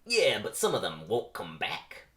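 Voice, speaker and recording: A man's voice: fairly low pitch, huge pitch swings, unhurried, a bit bright, heavily acted. A man voicing an earnest young male bee with an odd put-on accent.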